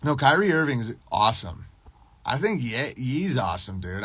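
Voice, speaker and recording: A man's voice: mid-range voice, sing-song, moderate pace, pushed and bright, a little hiss or hum. A man hosting a casual livestream podcast, ranting in a crude, profane, rambling and boastful way while answering his live chat.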